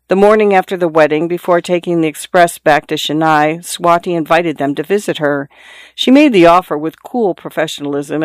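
A man's voice: fairly high pitch, no echo. Man reading a novel aloud. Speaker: narrator. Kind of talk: audiobook narration.

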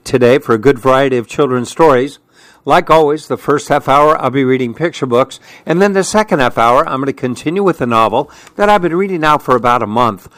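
Hosting a children's story hour on the radio, a man reads picture books aloud in a gentle, friendly way. His voice is mid-range, with no echo.

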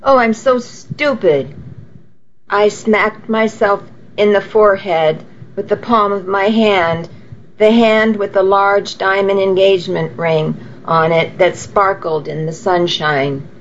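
A woman reading a first-person story aloud in a steady, unhurried way, on a dull lo-fi recording. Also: mid-range voice, slight background noise. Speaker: audiobook reader.

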